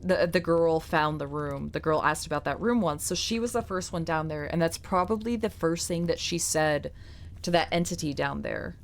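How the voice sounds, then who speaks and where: A woman's voice: sits low, moderate pace, slight background noise. A young woman streaming live, chatting casually and ranting with swears and mocking quotes. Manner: rambling, swears, ranty with mocking put-on quotes.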